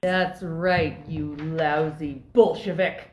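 A woman's voice: low voice, fairly even intonation, slow, darkish tone, faint music behind. A woman reading the part of a bossy, suspicious female officer who barks accusations, in an amateur script reading. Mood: accusing. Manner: accusing, barking. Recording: echoey room.

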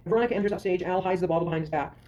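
A woman's voice: lowish voice, racing, lo-fi sound. A woman reading a play's stage directions aloud in a matter-of-fact way. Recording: echoey room with faint noise.

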